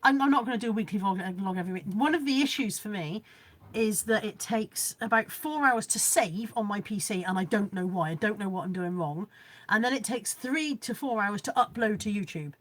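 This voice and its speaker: A woman's voice: medium pitch, lively intonation, a little fast. A woman vlogging live from home, reading out viewer comments in a rambling, chatty way and joking about how little she knows about technology.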